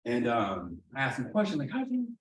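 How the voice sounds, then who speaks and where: Animated man telling a story in a roomy hall. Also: medium pitch, fairly quick. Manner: animated, acts out dialogue, often asks "you know what I'm saying". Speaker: executive director leading a training. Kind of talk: casual personal storytelling in a training talk. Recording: roomy echo, mic at a distance, faint noise.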